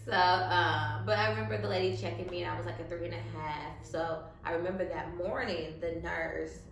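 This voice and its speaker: A woman's voice: on the low side, steady tone, a little fast. A young woman casually telling a personal story to her audience, using lots of fillers and quoted speech, with emotion showing through. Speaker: co-host. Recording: echoey room with faint noise.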